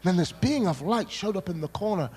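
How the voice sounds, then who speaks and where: High-voiced male preacher in a big hall. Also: fast talker, slightly rough. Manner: animated storytelling, acts out his own past words, bursts of shouting. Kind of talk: sermon testimony. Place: large church hall. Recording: long hall reverb.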